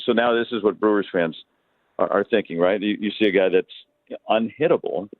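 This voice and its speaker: A man's voice: deep voice, fairly quick, dry recording. A male baseball announcer from Detroit, chatting as a guest and telling stories with many restarts. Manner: rambling storyteller with many restarts. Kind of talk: casual phone interview storytelling. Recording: thin phone line.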